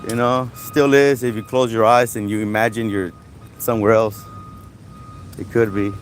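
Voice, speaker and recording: A man's voice: fairly low pitch, level tone, normal speed, slight background noise. A man livestreaming on a walk through a city park, talking casually and rambling with lots of filler. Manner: casual, rambling, lots of "you guys" and "you know". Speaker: street vlogger. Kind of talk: walking street livestream. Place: outdoors in a city park by traffic.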